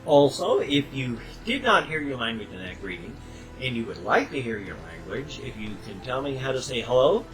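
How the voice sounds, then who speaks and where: An older man chatting casually to his webcam at home, rambling and tangential, with sudden loud bursts. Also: medium pitch, very animated, moderate pace, faint music behind, rough recording. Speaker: vlogger.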